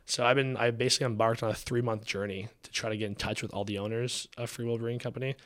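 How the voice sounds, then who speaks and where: Young man from Canada, guest storyteller: casual, animated, acts out quotes, swears freely. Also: medium pitch, quick pace. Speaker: podcast guest, drinks founder.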